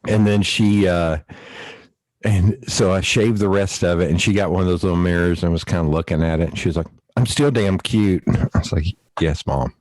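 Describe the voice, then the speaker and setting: A man with a low voice hosts a relaxed podcast chat. He tells stories with animation and breaks into laughter often. The sound is dry and close, with no room around him. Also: brisk, dry recording, rough recording. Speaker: podcast host. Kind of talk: casual storytelling chat.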